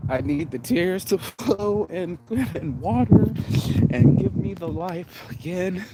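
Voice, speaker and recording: A man's voice: high voice, lively intonation, takes it slowly. Man venting, laughing through tears, outdoors. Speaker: vlogger. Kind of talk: emotional outdoor vlog. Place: outdoors in the rain on a street. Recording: noisy outdoor street recording. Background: street noise and passing vehicles.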